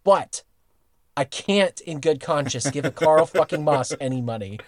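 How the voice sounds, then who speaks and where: A man's voice: fairly high pitch, animated, moderate pace, a little mellow, no echo, clean studio sound. A man co-hosting a podcast, chatting casually about a cartoon and ranting emphatically with heavy swearing. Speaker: podcast co-host. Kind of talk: casual chat reviewing a cartoon episode.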